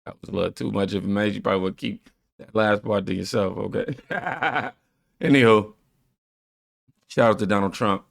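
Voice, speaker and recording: Gravelly low-voiced man, casual reaction host. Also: moderate pace, long pauses, no room sound, clean studio sound. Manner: laid-back, reads viewer comments aloud and riffs on them.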